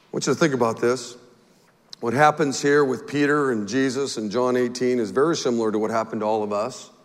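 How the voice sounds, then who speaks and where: A male pastor preaching a sermon in an animated, folksy way, with stammered restarts. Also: mid-range voice, brisk. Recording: long hall reverb.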